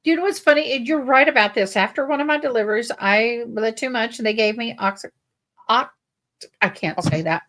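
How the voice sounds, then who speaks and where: Animated woman co-host. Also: fairly high pitch, a little fast. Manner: animated, emphatic storyteller. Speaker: livestream co-host. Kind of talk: casual chat.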